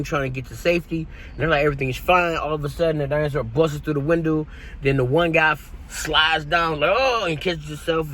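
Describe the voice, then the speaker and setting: A man giving a casual, jokey movie review that retells the plot in an animated way. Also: fairly high pitch, a little hiss or hum, rough recording.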